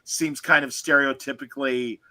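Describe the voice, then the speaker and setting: A man's voice: medium pitch, fairly even intonation, normal speed, pushed and bright, dry recording. A man co-hosting a casual film review chat, talking emphatically and restarting his sentences often. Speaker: podcast co-host.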